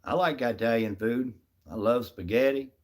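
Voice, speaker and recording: A man's voice: medium pitch, normal speed, a little mellow. A middle-aged man casually chatting on a live stream, answering viewers by name in a folksy, easygoing way. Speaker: livestream host reading chat.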